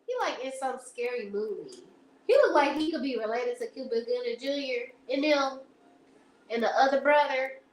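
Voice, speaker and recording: Young woman, high voice, chatty rambling livestream host, roomy echo. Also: animated, normal speed. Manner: chatty, rambling, laughs often, addresses viewers as y'all. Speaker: live stream host. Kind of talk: casual storytelling chat. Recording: echoey room.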